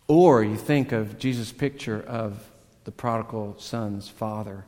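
A man's voice: fairly low pitch, measured pace. Earnest preacher man in a reverberant hall. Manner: earnest, builds to loud emphatic peaks then drops to a hush; conversational storytelling with self-deprecating asides. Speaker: pastor. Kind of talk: sermon.

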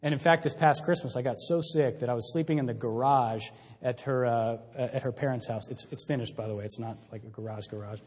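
A man's voice: mid-range voice, a little fast, darkish tone, husky. A young adult man preaching a sermon in a conversational way, often restarting and adding asides. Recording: long hall reverb.

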